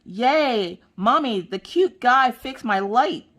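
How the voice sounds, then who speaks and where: A woman's voice: on the high side, expressive, takes it slowly, fairly bright tone, pitched above the performer's own voice, full character voice. A woman voicing her cheerful, blunt eight-year-old daughter in a sing-song, childlike way while retelling a story. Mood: excited.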